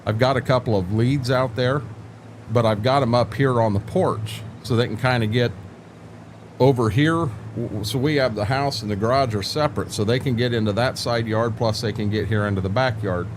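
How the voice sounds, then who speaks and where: Older male streamer, folksy rambler, mid-pitched voice, faint background noise. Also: moderate pace. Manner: rambling, folksy, joking, repeats words. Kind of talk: casual live-stream chat with viewers.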